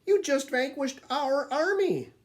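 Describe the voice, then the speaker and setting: A man voicing a little girl, a stubborn niece who misses her father, in a high pleading voice. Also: slow pace.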